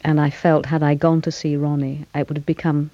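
A woman actress answering interview questions in a thoughtful, measured way, with fillers and small laughs. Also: sits low, little pitch movement, dark tone, no echo, muffled recording.

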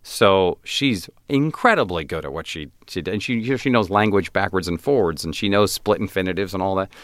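A man, an actor guest on an interview show, telling animated, self-deprecating stories and acting out other people's lines. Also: low-pitched, a little fast, no echo, studio quality. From United States. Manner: animated, self-deprecating, acts out quoted voices. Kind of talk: casual interview storytelling.

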